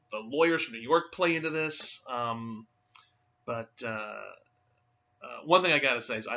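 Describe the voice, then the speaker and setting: Rambling man with a bright voice. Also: mid-range voice. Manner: rambling with many fillers. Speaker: audiobook reader. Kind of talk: casual chat after reading. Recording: dull lo-fi recording.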